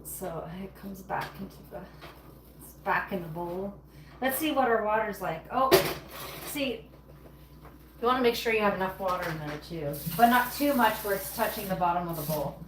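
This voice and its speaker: A woman's voice: medium pitch, lively intonation, moderate pace. A woman hosting a casual livestream from her home kitchen, chatting to viewers in a rambling way while she bakes and tidies. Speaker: livestream host baking at home. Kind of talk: casual live-stream chat while working. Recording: roomy, distant, noisy kitchen sound.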